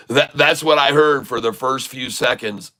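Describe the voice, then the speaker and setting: A middle-aged man spins a rambling, casual anecdote, slipping into the voices of the people he quotes. His voice is bright and forward, sitting at an ordinary pitch for a man. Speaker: trading channel host. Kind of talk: casual storytelling.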